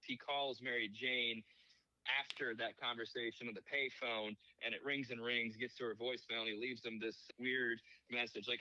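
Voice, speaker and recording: A man's voice: medium pitch, fairly even intonation, moderate pace, bright, forceful tone, no echo, lo-fi sound. A man co-hosting a podcast, casually recapping a film with attention to detail and some offhand swearing. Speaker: podcast co-host. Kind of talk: casual movie recap chat.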